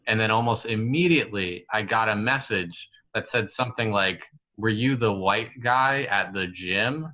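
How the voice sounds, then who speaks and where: A man in his twenties telling a story as a guest on a casual podcast, chatty and relaxed, full of fillers like "like" and "you know". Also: fairly low pitch. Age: 20s. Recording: slightly muffled lo-fi recording.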